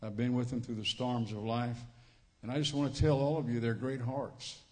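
A man's voice: mid-range voice, steady tone, moderate pace, a little mellow. A man with a Cajun accent from Louisiana preaching a sermon as a visiting preacher, folksy and joking, repeating his phrases, on a church microphone. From Louisiana Cajun country. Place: church sanctuary. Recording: reverberant church hall.

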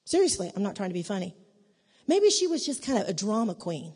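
A woman giving a conversational church teaching in an animated way, acting out the dialogue in her stories. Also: mid-range voice, brisk, breathy edge. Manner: animated, acts out quoted dialogue. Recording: long reverb of a large hall.

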